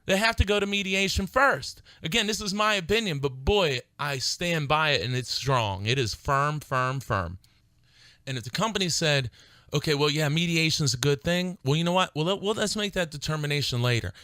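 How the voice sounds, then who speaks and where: A man's voice: fairly high pitch, animated, brisk, bright, forceful tone, no echo. A man hosting a legal advice radio show, talking in an emphatic, fired-up way and repeating points for stress. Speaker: radio show host and attorney. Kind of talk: call-in style legal advice radio talk.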